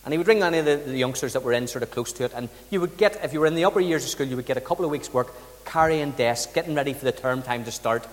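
A man's voice: mid-range voice, very fast, in a large hall. A man with an Irish accent, from the south of Ireland, preaching a sermon with chatty storytelling and rhetorical questions. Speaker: pastor.

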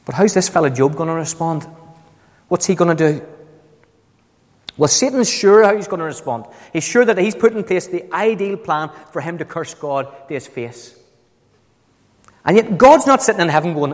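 A man's voice: expressive, normal speed, pauses often. A man preaching a sermon to a congregation, emphatic, his voice leaping up on key words. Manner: emphatic, swings up to high ringing stresses. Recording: echoey hall with long reverb.

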